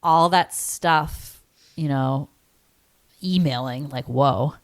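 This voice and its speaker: A woman's voice: sits low, slow pace, no echo, studio quality. A woman in her thirties co-hosting a podcast, chatting casually and rambling with many "like" fillers. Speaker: podcast co-host. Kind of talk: casual chat.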